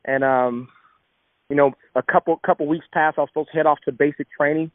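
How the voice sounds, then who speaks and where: Speaking briskly in a fairly high voice with fairly even intonation, a young Southern Californian man tells an earnest personal story about hardship and faith. The audio is echo-free yet thin, like a phone.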